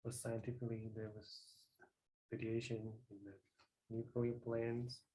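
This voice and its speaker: Halting male learner, mellow flat voice. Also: mid-range voice, a little hiss or hum, poor audio. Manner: halting, searching for words, many restarts. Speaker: adult English learner.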